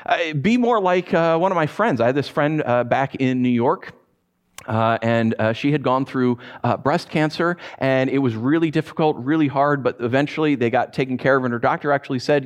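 A man's voice: medium pitch, normal speed. A man preaching a sermon as a pastor, telling stories and acting out his own frustrated voice. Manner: animated storytelling, acts out his own frustrated voice.

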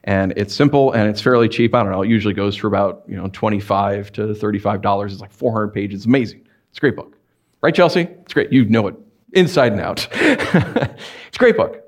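Animated man preaching a sermon. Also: fairly low pitch, fast talker. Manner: animated, asks the congregation many questions. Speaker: pastor. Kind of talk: conversational sermon. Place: church sanctuary.

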